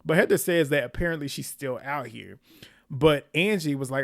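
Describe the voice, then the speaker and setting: A man with a fairly high voice recaps a reality show episode in casual, chatty talk. He is opinionated and slangy, and he laughs often as he retells the drama. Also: moderate pace, vocal fry, a bit bright.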